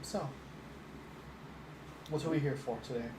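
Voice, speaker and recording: A man doing a raspy filthy rat king. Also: mid-range voice, unhurried, a little mellow, natural voice. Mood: imperious. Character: dirty middle-aged male rat king, menacing and curt. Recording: echoey room with background noise.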